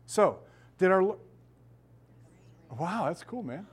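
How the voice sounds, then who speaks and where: Animated middle-aged man preaching a sermon. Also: sits high, takes it slowly, husky. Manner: animated storytelling, acts out quoted voices, laughs often. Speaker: pastor.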